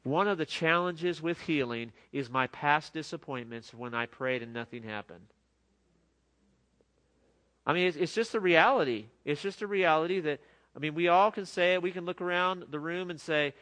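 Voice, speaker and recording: A middle-aged pastor preaches a sermon in an earnest, conversational style, frequently starting his sentences over. His voice is fairly high and a bit bright, and he keeps a moderate pace.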